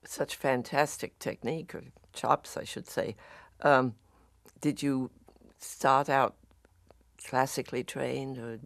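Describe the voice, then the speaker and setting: A man's voice: mid-range voice, steady tone, slow pace, vocal fry, a bit bright, dry recording. Enthusiastic male host, mid voice, dry studio sound. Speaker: radio show host. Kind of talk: casual interview chat.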